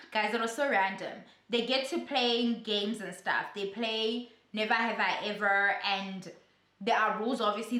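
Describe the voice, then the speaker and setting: A young woman, chatting through a casual gossip vlog in a sassy, animated way. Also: medium pitch, roomy sound. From South Africa. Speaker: YouTuber.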